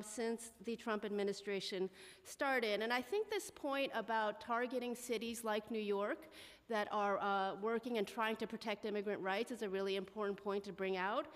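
A woman with a head cold, sounding congested, giving earnest testimony at a public hearing as an advocacy director, with many fillers. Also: a little high. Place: council committee room. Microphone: table microphone. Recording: long hall reverb.

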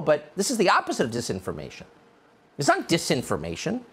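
A man's voice: fairly high pitch, huge pitch swings, quick pace, fairly bright tone, breathy edge. A man delivering a sarcastic, indignant opinion monologue as a political commentator, from the United States.

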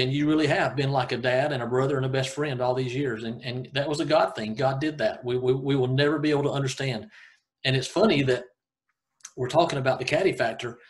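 A man in his fifties with a Southern American accent, a golf coach telling personal stories in an interview, earnest and halting with many restarts. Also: mid-range voice. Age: 50s. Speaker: high school golf coach, guest. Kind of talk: casual interview storytelling.

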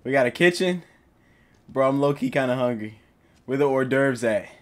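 A man's voice: medium pitch, expressive, moderate pace. A young man commentating a horror game as he plays it, jittery and panicky, talking to himself and his viewers. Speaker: gaming YouTuber.

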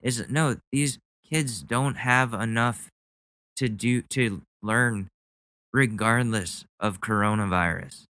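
A man's voice: lowish voice, slow, pushed and bright, no echo. A man hosting a podcast, ranting about the news with sarcastic, mocking commentary. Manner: sarcastic, mocking, goes on rants. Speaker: podcast host. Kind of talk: casual comedic commentary.

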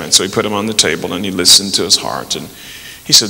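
A man telling folksy jokes to an audience in an unhurried way, slipping into voices for the people in them. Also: low-pitched, vocal fry, bright, forceful tone. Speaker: storyteller. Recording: long hall reverb.

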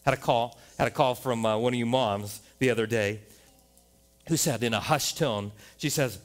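A man with an American accent preaching a sermon as a pastor in a church, animated, often rising to loud exclamations and playful rhymes. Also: mid-range voice, normal speed. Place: church sanctuary.

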